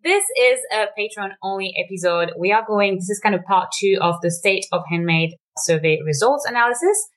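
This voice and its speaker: A woman's voice: mid-range voice, lively intonation, a little fast, few pauses. A woman co-hosting a podcast who talks in long chatty runs and laughs often. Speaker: podcast co-host. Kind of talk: casual podcast chat.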